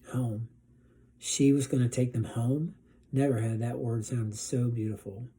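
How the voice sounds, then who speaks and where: Male teacher, storybook read-aloud, dark husky voice, steady. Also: mid-range voice, a little slow.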